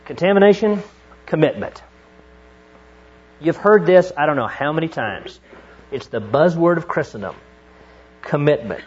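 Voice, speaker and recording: A middle-aged male pastor preaching a sermon, moving from hushed storytelling to fervent exhortation. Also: on the high side, animated, moderate pace, husky. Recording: dull lo-fi recording.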